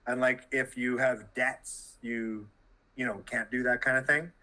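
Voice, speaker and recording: A man's voice: mid-range voice, little pitch movement, a little slow, sharp tone, rough recording. A Canadian man, a journalist, talking as an interview guest in a loose, rambling way full of "like" and restarts. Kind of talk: casual interview conversation.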